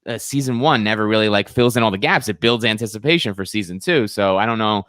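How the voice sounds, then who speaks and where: A man's voice: fairly low pitch, fast talker, fairly bright tone, no room sound, clean studio sound. A man co-hosting a podcast in casual chat, musing and asking questions that trail off. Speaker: podcast co-host.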